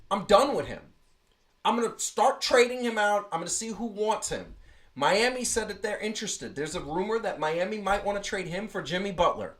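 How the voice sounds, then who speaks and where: Animated ranting sports talk co-host. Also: mid-range voice. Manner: animated ranting, mocks people with put-on whiny quotes. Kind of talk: casual live-stream sports debate.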